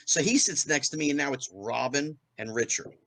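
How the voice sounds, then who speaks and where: A middle-aged man, a podcast guest, telling anecdotes in a lively way and acting out the voices of people he quotes. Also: fairly high pitch, moderate pace, rough recording. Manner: animated, acts out quoted voices. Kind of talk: anecdotal storytelling.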